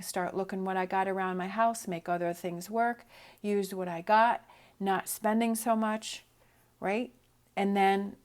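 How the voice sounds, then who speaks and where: Encouraging woman reading tarot cards. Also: medium pitch. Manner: upbeat, encouraging, keeps asking "right?". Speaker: tarot reader.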